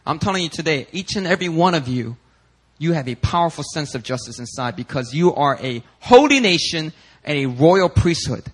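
A man preaching a sermon as pastor, animated and acting out the people he quotes in raised voices. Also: on the high side, a little fast, slightly rough, rough recording.

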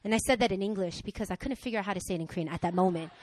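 A woman preaching a sermon who tells candid personal stories and acts out the dialogue with lively energy. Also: medium pitch, very fast, no echo. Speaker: preacher, pastor's wife.

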